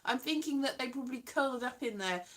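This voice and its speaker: A woman's voice: sits high, lively intonation, quick pace. A woman hosting a casual livestream from home, rambling and self-deprecating, now and then singing her lines. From Wales. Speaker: livestream host.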